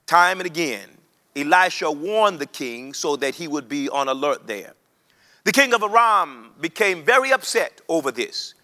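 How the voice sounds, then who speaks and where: A man's voice: fairly high pitch, lively intonation, normal speed, pushed and bright. A man preaching a sermon to a broadcast audience, reading scripture and repeating phrases for emphasis as he leads listeners to say lines back. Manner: repeats phrases for emphasis, builds to rising chanted intensity; leads the listeners in call-and-response.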